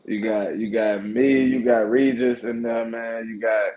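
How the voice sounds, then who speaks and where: A man's voice: medium pitch, flat delivery, unhurried, phone-quality sound. A man from Texas, a boxer answering interview questions in a laid-back, hesitant way with many "uh"s and "yeah"s. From Orange, Texas. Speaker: professional boxer.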